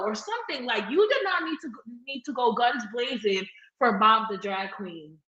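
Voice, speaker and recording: A woman's voice: fairly high pitch, moderate pace. A woman co-hosting a casual reality TV recap, talking animatedly and acting out what people said. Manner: animated, quotes people in acted asides. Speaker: podcast co-host. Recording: echoey dull room sound.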